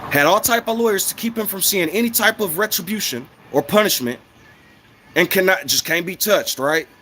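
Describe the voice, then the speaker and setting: A man's voice: sits high, normal speed, pushed and bright. A man ranting in a casual, heated, profane monologue, often repeating himself.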